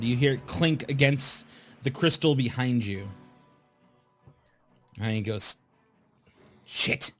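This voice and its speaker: A man narrating a tabletop game as game master, describing the scene slowly and addressing the players. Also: medium pitch. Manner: slow, descriptive narration with asides.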